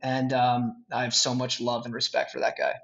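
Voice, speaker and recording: A man's voice: medium pitch, normal speed. A man from Minnesota with a Minnesotan accent, chatting as a podcast guest and telling stories with lots of restarts. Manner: animated storyteller, laughs often, many restarts. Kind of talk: casual podcast chat. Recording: dull lo-fi sound.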